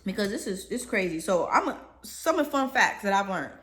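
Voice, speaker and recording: Young woman vlogger, mid-pitch voice, loose chatty delivery while eating. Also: very animated, a little fast, fairly bright tone. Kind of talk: casual rant to camera.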